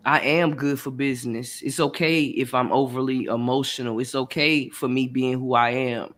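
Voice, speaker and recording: A man's voice: medium pitch, fairly even intonation, normal speed, a bit bright. A man hosting a podcast who talks in an earnest, heartfelt way and often repeats his phrases. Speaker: podcast host. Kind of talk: casual chat.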